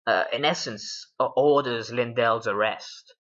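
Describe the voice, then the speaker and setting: Bright-voiced British gamer recapping a session. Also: male voice, mid-range voice, measured pace. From Britain. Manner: rambling, with many fillers and laughs. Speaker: game master. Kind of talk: casual recap of a tabletop game. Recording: dull lo-fi recording.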